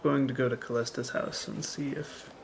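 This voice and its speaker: A man's voice: mid-range voice, steady tone, normal speed, creaky, slight background noise. Plain-spoken male player. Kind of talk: casual tabletop play.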